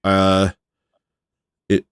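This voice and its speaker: Deadpan male streamer, low-pitched, dry close sound, rambling with fillers. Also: drawn-out words, clear, resonant tone, dry recording. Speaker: livestream host. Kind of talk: casual livestream banter.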